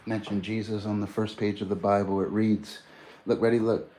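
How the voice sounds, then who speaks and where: A man's voice: on the low side, little pitch movement, moderate pace, warm tone, slight background noise. A man livestreaming in a casual, boastful, preachy way, quoting scripture at length.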